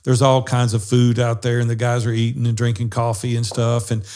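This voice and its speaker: A man's voice: medium pitch, completely flat delivery, brisk. A man, co-hosting a podcast and telling stories in a folksy, casual way. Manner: warm folksy storyteller, says y'all and fixing to. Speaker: co-host of a business brotherhood podcast. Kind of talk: casual storytelling chat.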